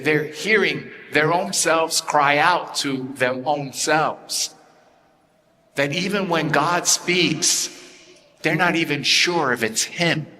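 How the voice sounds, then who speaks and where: Male priest, sermon; slow, measured delivery with repetition, bright forceful tone, long church reverb. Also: medium pitch. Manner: slow, deliberate preaching with repeated phrases.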